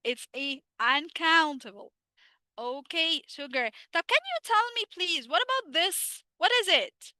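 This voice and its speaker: A woman's voice: high-pitched, animated, a little slow, bright, forceful tone, dry recording, studio quality. An Egyptian woman teaching an online English lesson, switching between Arabic and English, quizzing her students with questions and answering them herself.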